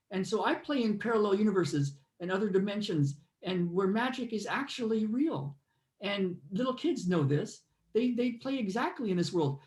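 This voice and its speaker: A man's voice: sits high, darkish tone. Earnest man in a roomy echo. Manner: meandering, earnest, spiritual. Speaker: host. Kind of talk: casual storytelling and guided reflection.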